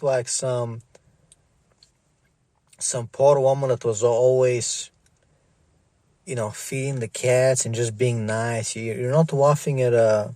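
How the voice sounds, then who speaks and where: A man's voice: mid-range voice, a little mellow, no room sound. A middle-aged man ranting in a vlog, stammering, swearing and repeating himself. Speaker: vlogger. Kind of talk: profane ranting monologue.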